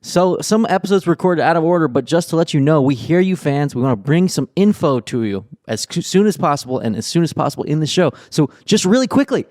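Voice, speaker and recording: Male co-host, laid-back, slightly high voice, dry close sound. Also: quick pace, hardly any pauses, no room sound. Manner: relaxed, with frequent restarts and reading out episode facts. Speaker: podcast co-host. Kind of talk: casual podcast chat.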